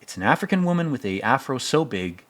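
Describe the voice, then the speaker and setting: A man's voice: mid-range voice, big pitch swings, fast talker, a bit bright. A man giving casual film commentary as host, rambling, jokey and profane.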